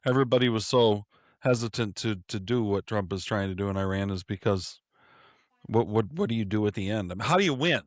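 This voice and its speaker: A man's voice: fairly low pitch, dry recording. A man hosting a podcast from his home studio, talking casually about politics, stumbling and repeating words as he thinks aloud. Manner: halting, repeats words, chuckles often. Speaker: podcast host.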